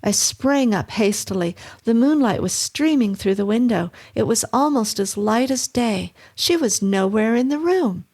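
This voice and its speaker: Slow, gravelly woman reading horror. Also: on the high side, expressive, a little mellow. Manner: measured, suspenseful reading. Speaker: horror story narrator. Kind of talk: scripted horror narration.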